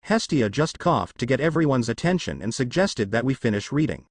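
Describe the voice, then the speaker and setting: Male narrator reading fan fiction aloud, lively pitch, plain delivery, dry close-mic sound. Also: a little fast, slightly rough, dry recording.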